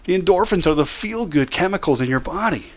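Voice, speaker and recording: Man, counselor, motivational teaching talk, punchy repeated commands, pitch swinging up and down a lot. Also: animated, fairly quick. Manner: emphatic and direct, addressing the listener as "you" with short, repeated commands. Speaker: counselor teaching depression management.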